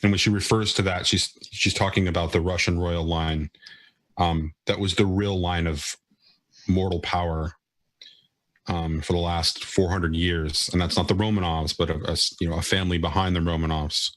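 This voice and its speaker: A man narrating as game master in a tabletop role-playing game, relaxed, with frequent restarts. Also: low voice, normal speed, no room sound.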